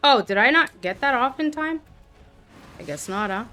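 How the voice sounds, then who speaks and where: A woman's voice: fairly high pitch, animated, normal speed, sharp tone, soft background music. Woman streamer muttering through gameplay. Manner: muttered reactions and casual swearing. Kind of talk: live gameplay commentary.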